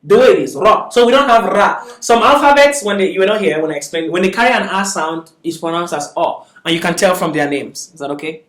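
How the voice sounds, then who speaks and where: With a high, slightly bright voice, a male Arabic teacher talks fast and expressively, barely pausing. He's lecturing patiently in an echoing classroom, heard from a distance, often asking "is that okay?" to confirm students follow.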